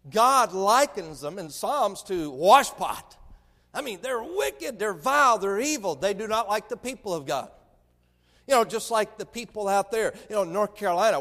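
A man's voice: sits high, a bit bright, long reverb tail. A man preaching a sermon, telling folksy stories with stammered restarts.

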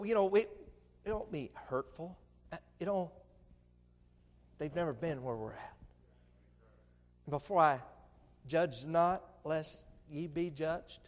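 High-voiced preacher in a hall. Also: male voice. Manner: folksy storytelling, stammers on restarts. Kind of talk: sermon.

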